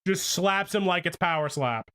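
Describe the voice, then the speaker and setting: A man's voice: high-pitched, animated, normal speed, a bit bright. A young man streaming, chatting casually and ranting with lots of swearing. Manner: profane, ranting. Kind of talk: casual livestream commentary.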